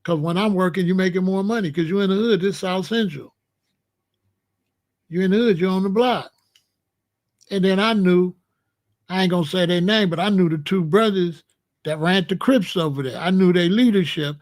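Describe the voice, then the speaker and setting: A man's voice: high-pitched, normal speed, pauses often. A man from Chicago, hosting his show, telling a story in a casual, slangy monologue and acting out the other people's lines. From Chicago, USA. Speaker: show host.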